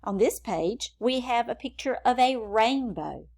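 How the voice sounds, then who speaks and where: Slow, sing-song teacher woman. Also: on the high side, animated, darkish tone. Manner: slow, encouraging, sing-song classroom delivery. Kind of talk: children's phonics lesson.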